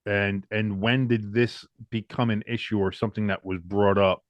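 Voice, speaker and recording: A man co-hosting a casual sports podcast, animated and swearing freely as he rants over a video call. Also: on the low side, moderate pace, dry recording, highs cut off. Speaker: podcast co-host.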